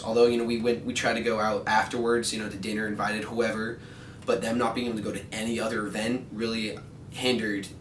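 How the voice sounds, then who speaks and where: A man from an active fraternity chapter giving a measured interview answer, full of "you know" fillers. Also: on the low side, echoey room, far from the mic, noisy background.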